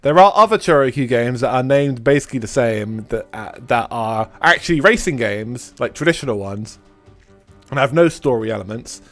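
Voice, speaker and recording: A man with a mid-range voice, hoarse and stuffed up from being ill, rambles through a live stream. He talks loosely, with restarts and swearing, while faint music plays behind him. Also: medium pitch, animated, moderate pace, fairly bright tone, no echo. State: stuffy nose after a cold. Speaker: live streamer hosting a retro game stream. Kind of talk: casual live-stream chat.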